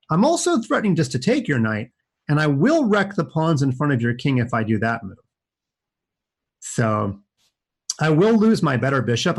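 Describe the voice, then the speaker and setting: A man in his forties with a slightly husky voice talks through his chess moves live for an audience of kids. His delivery is lively and swoops up and down as he cracks jokes and chats. His pitch sits a little high for a man. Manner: playful, chatty, jokey asides to kids. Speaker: chess streamer playing kids online.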